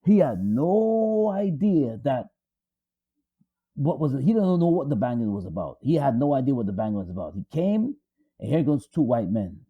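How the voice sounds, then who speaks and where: A man's voice: mid-range voice, very animated, normal speed, breathy edge, phone-quality sound. A man co-hosting a talk show, telling a story dramatically with emphatic repetition. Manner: repetitive, emphatic, restarts for effect. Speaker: co-host.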